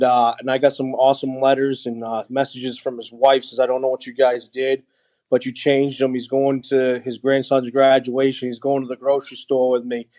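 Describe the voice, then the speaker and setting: A man with a middle-pitched voice tells his story as a podcast guest, earnest and halting, full of pauses and restarts. The audio sounds dull and lo-fi. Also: a little mellow. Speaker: guest, veteran who runs an outdoor organization for veterans. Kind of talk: candid storytelling in interview.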